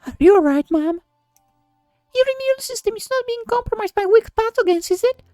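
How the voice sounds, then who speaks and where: A very high, squeaky falsetto alien princess from a visual novel, played by a man. She sounds naive and childlike, and her tone is strange and strained. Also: animated, fairly quick, dark tone, no echo, clean studio sound, faint music behind. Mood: worried. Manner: childlike, odd word choices. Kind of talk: reading a visual novel aloud.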